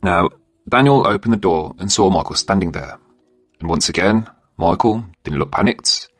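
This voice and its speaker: A man's voice: deep voice, lively intonation, moderate pace, husky, no echo, faint music behind. A man narrating a true crime story bluntly, swearing and adding indignant asides.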